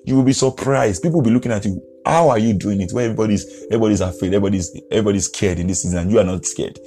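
Mellow-voiced man preaching over soft music. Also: fairly low pitch, very fast. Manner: earnest, repetitive preaching with chuckles. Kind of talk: podcast sermon.

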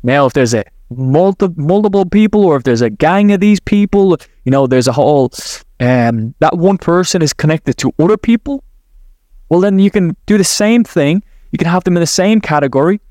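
A man's voice: fairly high pitch, lively intonation, normal speed, darkish tone, dry recording. A man hosting a podcast who talks listeners through a visualization exercise, rambling and correcting himself as he goes. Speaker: podcast host, NLP coach. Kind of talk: guided visualization talk.

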